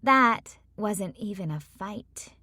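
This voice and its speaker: A woman's voice: mid-range voice, lively intonation, slow, bright, forceful tone, no room sound, exaggerated voice. A woman voicing a bold, brash young escort who talks in a sassy, cheeky way.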